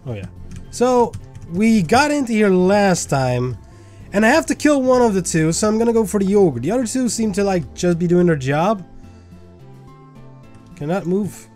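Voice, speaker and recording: A young man hosting a let's play, chatty and animated as he talks through a game. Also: sits high, moderate pace, soft background music. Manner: animated and chatty, reading game dialogue aloud. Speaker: gaming video host.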